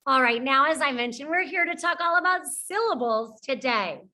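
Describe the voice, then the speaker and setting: Bright, high-voiced woman teaching little kids. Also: expressive. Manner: encouraging, slow and clear, praising often. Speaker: preschool teacher. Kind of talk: teaching young children, with songs.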